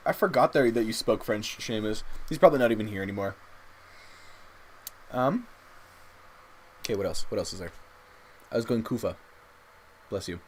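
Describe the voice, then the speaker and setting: A young man, chatting casually and haltingly with viewers while drawing on a livestream. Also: mid-range voice. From Canada. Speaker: streamer drawing live.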